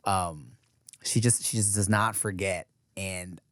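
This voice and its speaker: A man's voice: sits low, takes it slowly, a bit bright, no echo. A man hosting a podcast, chatting casually in slang and rambling through stories. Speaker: podcast host. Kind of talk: casual chat.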